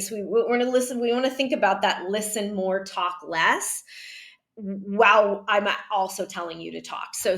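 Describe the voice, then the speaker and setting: Calm woman teaching, slightly low voice. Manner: calm, repeats "right?", models slow breathing. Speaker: early childhood educator. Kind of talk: teaching a parenting and classroom method.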